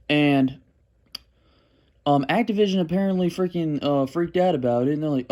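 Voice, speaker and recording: A man's voice: a little high, brisk, darkish tone. A young man ranting about a video game series, rambling with restarts and frustrated sarcasm. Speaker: gaming commentary youtuber. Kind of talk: unscripted gaming rant.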